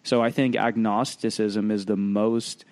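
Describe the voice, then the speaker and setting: A man hosting a podcast in casual chat, reflective and thinking aloud with halting restarts. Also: lowish voice, little pitch movement, a little mellow, no echo. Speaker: podcast host.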